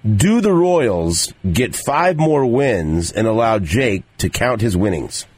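A man's voice: lowish voice, sing-song, slow pace, darkish tone, husky, no echo. A male sports radio host in casual on-air talk, often stumbling and repeating words as he goes.

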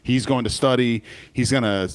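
A man hosting sports radio, chatting casually and opinionatedly about football broadcasters. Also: mid-range voice. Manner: animated, opinionated, quick restarts.

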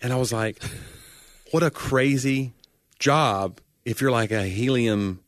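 A man co-hosting a podcast in casual chat, joking and breaking into loud comic voices. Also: mid-range voice, slow pace, dry recording, clean studio sound. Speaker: podcast co-host.

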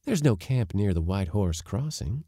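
A man voicing a proud young ranch woman and sharpshooter who speaks in a deliberate, sugary, mocking way in a storybook reading. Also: on the low side, sing-song, dark tone, husky, no room sound, studio quality, heavily acted. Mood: suspicious.

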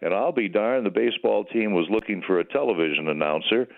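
A man's voice: on the low side, fast talker, gravelly. An older man, a retired sports broadcaster, calling in by phone and reminiscing in a folksy, chatty way. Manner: folksy, chatty, many fillers and restarts. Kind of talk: reminiscing interview answers. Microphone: telephone. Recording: tinny phone line.

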